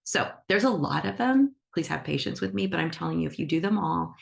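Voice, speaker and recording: A woman's voice: lowish voice, expressive, a little fast, gravelly. A woman teaching animal reiki to an online class over a video call, talking in an enthusiastic, emphatic and upbeat way. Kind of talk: instructional talk to an online class.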